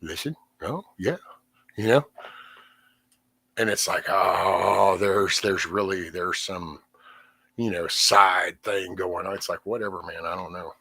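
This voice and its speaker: A man's voice: low-pitched, fairly even intonation, takes it slowly, gravelly, bright, forceful tone, slightly rough, no echo. A middle-aged man, venting in a rambling, cussing way on his livestream. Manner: rambling, frequent cursing, trailing off. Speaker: livestream host. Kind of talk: casual venting livestream chat. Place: home.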